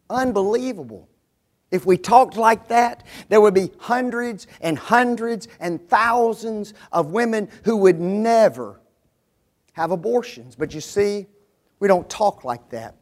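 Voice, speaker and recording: A man's voice: sits high, lively intonation, measured pace, a little mellow. A man preaching a sermon, driving his points home with emphatic rhetorical questions.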